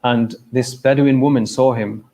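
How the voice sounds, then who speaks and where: A man's voice: medium pitch, fairly even intonation, normal speed, dark tone, poor audio. A man giving an informal religious talk at a mosque. He speaks conversationally, repeats phrases and keeps checking in with his listeners.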